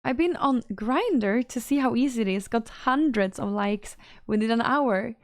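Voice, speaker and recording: A woman's voice: fairly high pitch, expressive, a little slow, no echo, studio quality. A woman streamer, chatting casually and reacting to messages from her chat.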